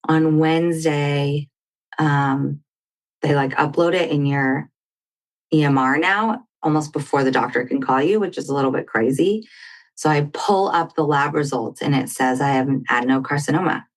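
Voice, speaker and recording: A woman's voice: low voice, normal speed. A woman guest on a talk show, telling a personal story in conversation and acting out what others said. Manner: animated storytelling, acting out quoted dialogue. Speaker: podcast guest.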